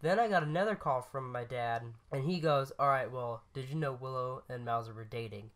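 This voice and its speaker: A man's voice: medium pitch, fairly quick, fairly bright tone. A man co-hosting a podcast, telling a story in casual chat, rambling and correcting himself, laughing at his own lines. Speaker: podcast co-host.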